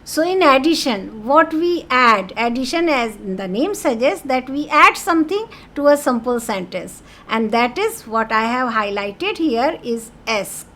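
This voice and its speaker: Slow, patient woman teaching French. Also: fairly high pitch, lively intonation, a bit bright. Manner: patient, repeats key words, mixes French phrases into English teaching. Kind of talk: slow explanatory lesson.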